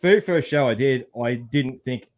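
This is an Australian man hosting a relaxed podcast conversation. He talks loosely, swears casually and laughs a lot, at a mid pitch for a man. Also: normal speed. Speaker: podcast host.

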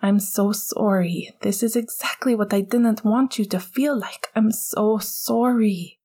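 A woman voicing an anxious, apologetic young male hockey captain in a whispered role-play, with a breathy, pleading tone. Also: mid-range voice, unhurried, mellow, pitched above the performer's own voice. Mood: hushed pleading.

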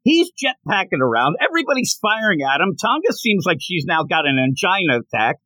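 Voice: medium pitch, very animated, fairly quick, pushed and bright, no echo. A podcast co-host in casual chat, animatedly retelling comic panels and joking about them.

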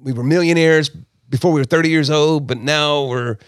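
A man from South Texas, telling his personal story as a podcast guest in an emphatic, animated way. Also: on the high side, normal speed, clear, resonant tone, dry recording, clean studio sound.

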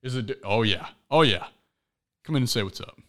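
A young man hosting a podcast, chatting casually and telling stories in an animated, excitable way. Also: mid-range voice, normal speed. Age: young adult. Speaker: podcast host. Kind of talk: casual chat.

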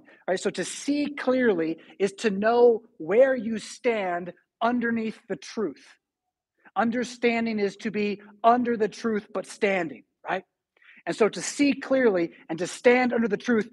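A middle-aged male pastor delivers a sermon in a church with a slightly husky, breathy voice. He tells animated stories with sudden swings between loud and soft. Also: sits high, measured pace. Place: church sanctuary.

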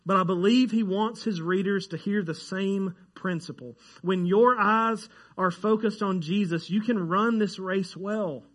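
A man preaching a sermon to his church, chatty and joking with the congregation, growing excited over facts that surprise him. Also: high-pitched, measured pace, few pauses. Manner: conversational, jokes with the congregation, gets animated over surprising facts. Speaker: pastor. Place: church sanctuary.

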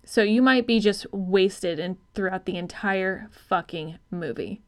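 A female podcast co-host in relaxed, unscripted conversation. She thinks out loud in rambling stretches. She swears casually and laughs easily. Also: medium pitch, unhurried. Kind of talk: casual film-review chat.

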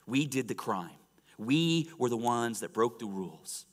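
A male pastor preaching a sermon, swinging from loud exclamations to hushed, almost whispered lines. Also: medium pitch, animated, unhurried. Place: church sanctuary. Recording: reverberant church sanctuary.

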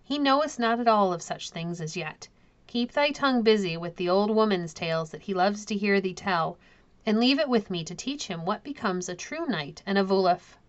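A woman's voice: medium pitch, expressive, normal speed, highs cut off, lightly acted. A woman voicing a stern, grim medieval baron who speaks in a commanding way, in a storybook reading.

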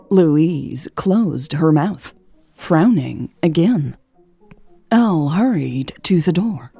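A woman narrating a romance audiobook in a measured, scripted reading. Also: deep voice, lively intonation, creaky, mellow, husky, no echo, faint music behind.

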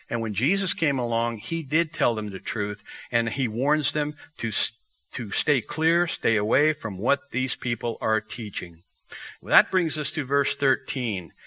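A man's voice: mid-range voice, sharp tone, rough recording. A man preaching an expository sermon, teaching verse by verse and reading scripture aloud.

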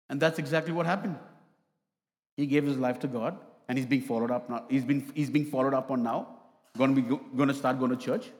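A man's voice: mid-range voice, fairly even intonation, brisk, darkish tone, in a large hall. A man preaching a sermon as a pastor, telling a story and acting out both sides of a conversation. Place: church hall.

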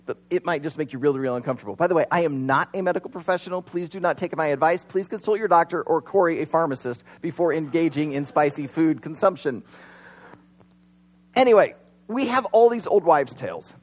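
A man preaching a sermon in a conversational way, with humorous asides and dramatic pauses. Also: on the high side, lively intonation, low-quality recording. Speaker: pastor.

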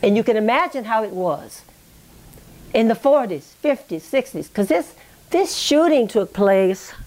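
A woman's voice: on the high side, lively intonation, measured pace, darkish tone. Woman, oral history interviewee, reflective and digressive storyteller. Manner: reflective, digressive, with frequent "you know" and "okay?". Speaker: interviewee recounting family history.

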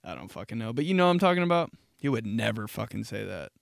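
Animated, foul-mouthed young man. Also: fairly low pitch, fast talker, vocal fry, no room sound, clean studio sound. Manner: profane, animated storytelling with frequent laughter. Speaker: podcast host. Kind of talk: casual comedic monologue.

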